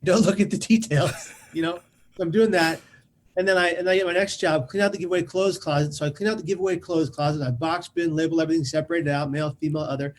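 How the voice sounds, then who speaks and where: Man, podcast guest, animated storyteller, fairly high voice, repeats words, faint background noise. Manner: lively, repeats words while rushing on.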